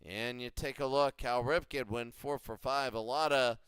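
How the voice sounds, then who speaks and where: A man's voice: medium pitch, steady tone, moderate pace, fairly bright tone, clean tone, dry recording. A man doing casual play-by-play and recaps of a simulated baseball league, rambling and repeating himself as he goes. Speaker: video game commentator.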